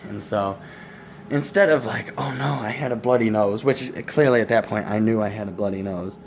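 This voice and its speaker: A man's voice: fairly low pitch, moderate pace, a little hiss or hum. A young man telling a crude, rambling story to camera in a casual vlog. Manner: rambling, crude jokes, laughs at his own stories. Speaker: vlogger.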